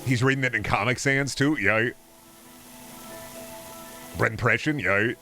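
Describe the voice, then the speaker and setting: A man's voice: medium pitch, measured pace, pushed and bright, faint music behind. A man streaming a game, chatting casually in a rambling, profane, jokey way.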